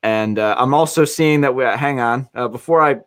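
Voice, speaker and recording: A man's voice: medium pitch, normal speed, fairly bright tone. A male podcast host in casual, jokey chat. He rambles, stops and restarts his thoughts, and keeps a loose, friendly banter going with his guests.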